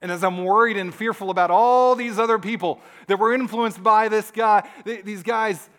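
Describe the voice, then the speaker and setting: A male pastor with a high voice delivering a sermon. He tells stories with animated energy, then drops to soft, hushed asides. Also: moderate pace.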